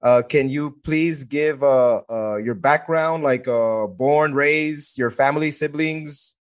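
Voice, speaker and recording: A man's voice: mid-range voice, slow. A man hosting a podcast in casual conversation, hesitant, with many "uh" fillers. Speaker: podcast host.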